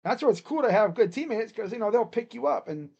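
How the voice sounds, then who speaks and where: A streamer calling a basketball game live in a loose, chatty way, drifting into jokes and asides between plays. The voice sits at an ordinary middle pitch, and each play is called in slow, drawn-out words before it slips back into an easy ramble. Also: expressive, vocal fry, a little mellow, breathy edge, dull audio. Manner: rambling, joking, talks to himself between plays; drawn-out play calls during game action. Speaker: sports reaction streamer. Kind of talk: casual live play-by-play reaction.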